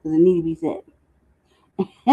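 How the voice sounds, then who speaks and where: A woman's voice: lowish voice, lively intonation, measured pace, mellow. A woman hosting a casual commentary chat, laughing often and talking in loose slang. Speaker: host. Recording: dull lo-fi sound.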